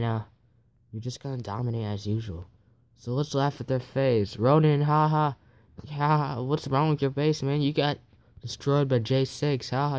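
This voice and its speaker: A man's voice: mid-range voice, a little mellow. A man hosting a gaming video, talking casually through the gameplay in a chatty, teasing way. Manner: chatty and teasing, with mock laughter.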